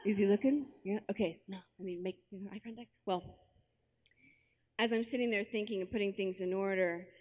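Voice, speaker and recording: A young American woman giving a personal testimony at a conference, telling her story with lively acted-out asides and quotes. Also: medium pitch, fairly quick. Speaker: conference speaker. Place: large conference hall with an audience.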